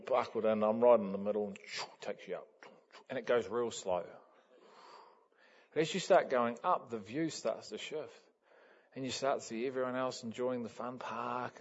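A man preaching a sermon, telling a story with lively energy and laughter, building up to loud exclamations. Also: mid-range voice. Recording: dull lo-fi sound.

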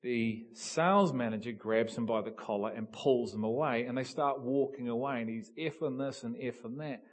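New man preaching, animated storyteller. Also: mid-range voice, normal speed, few pauses. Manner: animated storytelling, builds to loud emphatic peaks. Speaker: pastor. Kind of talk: sermon.

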